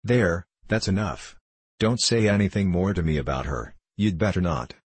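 A man voicing a grieving young orphan boy who speaks quietly. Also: deep voice, normal speed, breathy edge, dry recording. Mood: sharp. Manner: quiet, then sharp.

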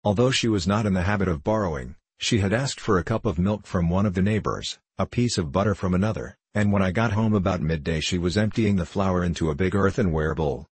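Low husky male audiobook narrator. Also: no room sound. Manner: measured, steady reading.

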